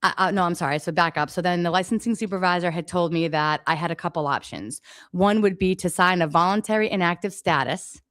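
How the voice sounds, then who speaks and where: A woman's voice: on the low side, fairly quick, fairly bright tone, no echo, clean studio sound. A middle-aged woman, a daycare owner, telling her story on a radio interview in an emphatic, exasperated way, acting out the exchanges.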